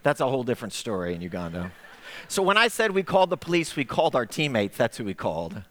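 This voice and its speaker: A middle-aged man preaching a sermon, telling a story in an animated way and acting out the voices he quotes. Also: mid-range voice, fast talker. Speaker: pastor. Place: church sanctuary. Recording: echoey sanctuary with long reverb.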